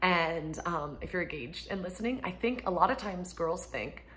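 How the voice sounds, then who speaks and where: A woman in her thirties, a homeschooling mom, chatting casually to camera from home, laughing often and acting out quotes in a higher voice. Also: expressive, moderate pace, fairly bright tone. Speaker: homeschooling mom and ministry speaker.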